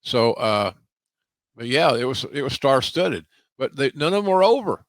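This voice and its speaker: An older man hosting a podcast, talking casually about wrestling in a halting way with many restarts and slow, emphatic phrases. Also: medium pitch, sing-song, no echo. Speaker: podcast host, wrestling commentator.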